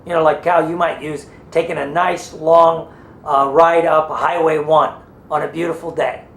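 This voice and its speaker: A man's voice: on the high side, little pitch movement, moderate pace, fairly bright tone, reverberant. A man who trains people in hypnosis and NLP, teaching through a loose, rambling story and acting out what people said.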